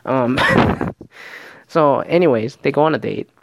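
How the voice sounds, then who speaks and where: A man's voice: mid-range voice, slow pace, vocal fry, a little hiss or hum. A man casually recapping a reality show, rambling and swearing often, and slipping into voices to mimic the people he quotes.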